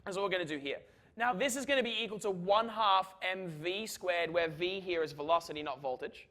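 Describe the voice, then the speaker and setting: A man's voice: high voice, fairly quick, a bit bright. A man giving a university physics lecture, chatty and joking, checking in with "right?" as he works through equations. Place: lecture hall.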